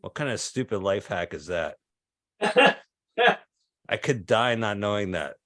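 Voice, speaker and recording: Deadpan man in his fifties doing stand-up. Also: fairly low pitch, slow, dry recording, clean studio sound. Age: 50s. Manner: deadpan absurd one-liners. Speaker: stand-up comedian. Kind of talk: stand-up set. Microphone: video call.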